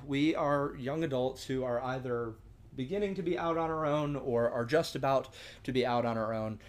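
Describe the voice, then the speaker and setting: Earnest young man teaching scripture. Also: medium pitch. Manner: earnest, conversational, many restarts and "right?" asides. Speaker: discussion leader. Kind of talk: sermon-style teaching.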